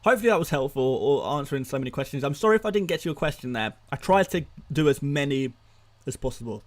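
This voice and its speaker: A man's voice: mid-range voice, expressive, fast talker. A young man hosting a live stream, firing off answers to chat questions with frequent restarts and repeated words. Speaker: fantasy football streamer.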